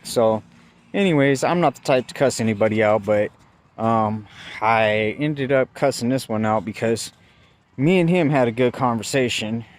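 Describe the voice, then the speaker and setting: A man recapping a run-in with police in a casual vlog, swearing freely and getting heated as he tells it. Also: moderate pace. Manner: profane, agitated storytelling, voice jumps high when quoting himself. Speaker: vlogger.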